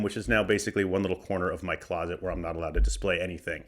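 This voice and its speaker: Soft music plays behind a low-pitched male voice that races along with lively intonation and few pauses. He's a podcast host in his forties from Arizona, USA, casually and profanely joking his way through opening a box of cards.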